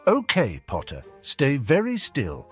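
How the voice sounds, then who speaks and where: A man voicing a brisk, businesslike teenage prefect giving orders to younger students. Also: medium pitch, wildly swooping pitch, soft background music, pitched above the performer's own voice.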